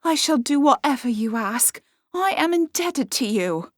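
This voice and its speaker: Woman voicing an eager young street girl, high, lively, dry sound. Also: measured pace, dry recording. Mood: earnest.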